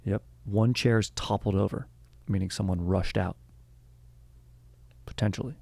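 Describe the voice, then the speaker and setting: A man's voice: lowish voice, steady tone, unhurried, vocal fry, darkish tone, no room sound. A young man hosting a history podcast, telling the story in a rambling, joking way and breaking off to correct himself. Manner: rambling, joking, self-interrupting. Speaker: podcast host. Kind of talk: casual history podcast chat.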